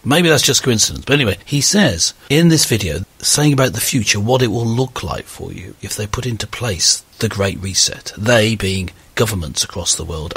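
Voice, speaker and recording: A man with a low, very husky voice hosts a conversational talk, earnest and animated as he makes his points. The recording is dry and close, with no room sound. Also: no room sound. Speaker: podcast host. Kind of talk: conversational discussion.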